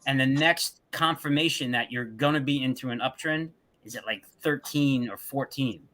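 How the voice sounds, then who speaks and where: A man's voice: mid-range voice, normal speed, sharp tone. A man co-hosting a casual trading livestream, explaining support levels and checking that listeners follow. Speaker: co-host explaining chart levels.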